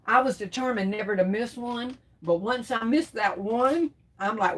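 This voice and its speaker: A woman's voice: on the high side, moderate pace. A middle-aged woman hosting a casual crafts livestream, reading out comments and answering them with terms of endearment. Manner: warm terms of endearment, chatty, laughs often.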